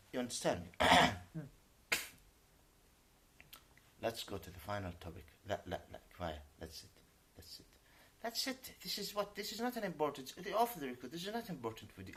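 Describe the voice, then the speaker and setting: A native Arabic speaker, a man, rants into the camera with an indignant edge. His pitch leaps and dips widely as he swears to his honesty. He slips between English and Arabic phrases. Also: fairly bright tone, slightly rough. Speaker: YouTuber. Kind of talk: unscripted vlog rant.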